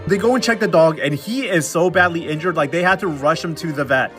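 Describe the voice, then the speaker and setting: Young male comedic recapper, slightly high voice, sarcastic slang delivery, faint music behind. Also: a little fast. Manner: slangy, sarcastic, animated storytelling with mocking quoted voices. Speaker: recap commentator.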